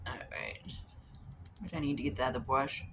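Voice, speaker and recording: A woman's voice: a bass voice, normal speed, noisy background. A woman vlogging while doing her makeup, rambling casually through stories and acting out what others said. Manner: rambling, chatty, acts out quoted voices, swears casually. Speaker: beauty vlogger.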